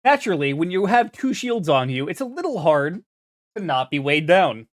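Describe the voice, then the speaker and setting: A man's voice: on the high side, big pitch swings, normal speed, no room sound, studio quality. A young man narrating as game master, rambling with fillers and restarts.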